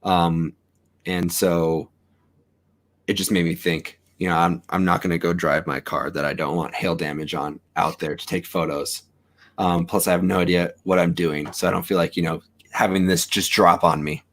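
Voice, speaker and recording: Over a video call, a man with a lowish voice chats casually about photos and cameras. He rambles in a relaxed way with plenty of "um" and restarts, like a friendly shop regular talking shop.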